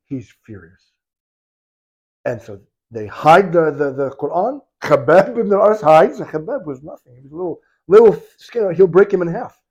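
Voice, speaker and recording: A man preaching in a storytelling sermon, acting out the people in the story and swinging from loud to hushed. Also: a little high, moderate pace, husky, muffled recording. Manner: animated, acts out quoted voices, swings from loud to hushed.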